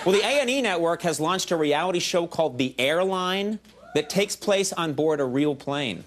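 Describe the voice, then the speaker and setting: Animated late-night host doing a monologue. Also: male voice, on the high side, heavy background noise. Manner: quick, self-mocking, shouty outbursts. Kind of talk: comedy monologue. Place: television studio stage before live audience. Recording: VHS archive broadcast with loud audience.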